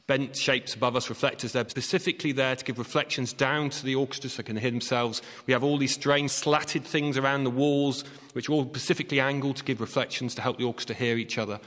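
A man who is an acoustics expert, clearly explaining how halls are designed. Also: mid-range voice, fairly even intonation, fast talker, few pauses, fairly bright tone. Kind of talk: explaining on a panel. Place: concert hall used as studio. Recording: long concert hall reverb.

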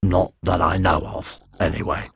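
A man voicing a hulking, furry male monster who speaks in a slow, unbothered drawl for an audiobook. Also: low voice, steady tone, vocal fry, a bit bright, husky, dry recording, studio quality, exaggerated voice. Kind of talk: audiobook character voice.

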